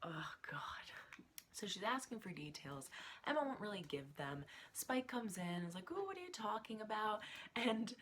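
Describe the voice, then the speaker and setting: A woman's voice: medium pitch, sing-song, normal speed, a bit bright, a little hiss or hum. A woman giving a casual, chatty recap of a TV episode, often dropping into whispered asides. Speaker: TV show recapper.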